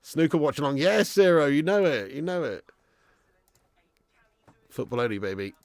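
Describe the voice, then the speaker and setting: A man's voice: a little high, sing-song, normal speed, no echo. A man hosting a live football watch-along, chatting casually, bantering, swearing freely and reading out viewer messages. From England. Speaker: live stream host.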